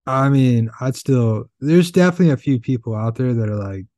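A man's voice: medium pitch, lively intonation, fairly quick, darkish tone, no room sound. A young man co-hosting a podcast, teasing and laughing often. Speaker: podcast co-host. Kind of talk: casual chat.

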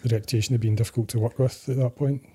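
A man's voice: mid-range voice, steady tone, warm tone, breathy edge. A man with a Scottish accent chatting about films as a podcast co-host, often hunting for the right word. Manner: quick, searching for words, hesitant. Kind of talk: casual film chat.

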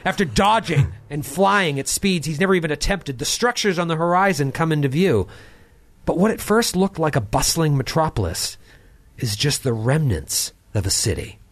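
Animated game master narrating sci-fi. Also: male voice, moderate pace. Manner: dramatic storytelling, dropping low for tense scenes.

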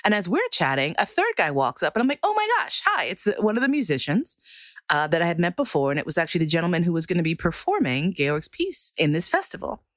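A woman's voice: fairly low pitch, sing-song, fast, dry recording, studio quality. A woman performer telling a personal story in a casual way, laughing often and swearing casually.

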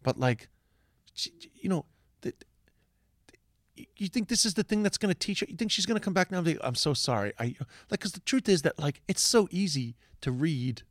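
A man's voice: medium pitch, no echo, clean studio sound. A man, talking through his opinions in a casual monologue. He swears constantly, restarts his sentences and pushes his points with passion. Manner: heavy swearing, rambling restarts, impassioned.

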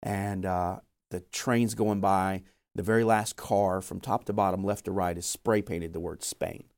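A man's voice: deep voice, fairly even intonation, unhurried, darkish tone. A young man telling his story of being called to missions in an earnest, storytelling way. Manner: earnest, storytelling with acted quotes. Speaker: missionary guest. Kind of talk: testimony in interview.

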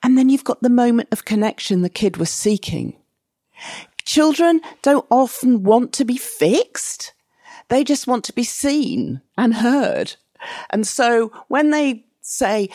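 A woman psychotherapist explaining parenting ideas in a relaxed interview, with an animated way of talking. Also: medium pitch, unhurried, dry recording, studio quality. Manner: animated, acts out children's and parents' voices in quotes. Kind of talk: conversational podcast interview.

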